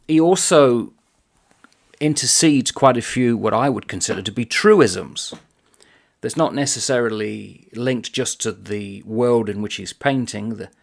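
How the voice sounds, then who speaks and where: A man's voice: fairly low pitch, creaky. A man chatting casually about a book he is reviewing, reading passages aloud in a conversational manner.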